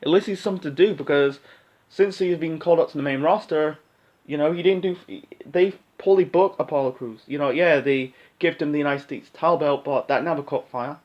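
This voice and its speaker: Rambling man with a slightly high voice. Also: fairly quick, dull audio. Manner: rambling, many fillers and restarts; blunt, occasionally swears. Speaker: wrestling pay-per-view predictions host. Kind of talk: casual solo commentary.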